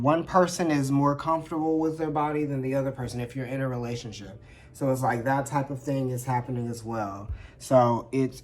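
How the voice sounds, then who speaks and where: A tarot reader with a mid-range voice gives a casual reading to camera indoors under a ring light. He's chatty and expressive, frequently checking in with listeners and calling them honey.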